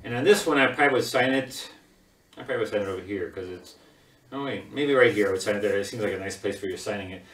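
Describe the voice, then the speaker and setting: A man teaching a casual watercolor paint-along, chatty and quick to laugh while he works. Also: lowish voice, a bit bright. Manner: chatty, laughs often, talks while working. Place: home studio. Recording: echoey room.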